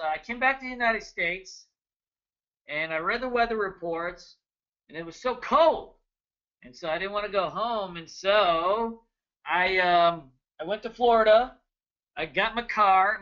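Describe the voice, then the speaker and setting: Guy in his 30s running a trading webinar, high bright voice, jokey and chatty, muffled lo-fi sound. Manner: energetic, joking, chatty, greets viewers by name. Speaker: trading educator hosting a webinar. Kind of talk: casual live webinar talk.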